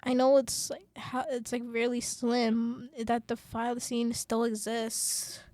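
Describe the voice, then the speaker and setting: A woman hosts a student radio podcast, speaking passionately with lots of fillers before shifting into a calmer presenter voice to read her script. Her pitch is fairly high, her pace slow, and there's no echo.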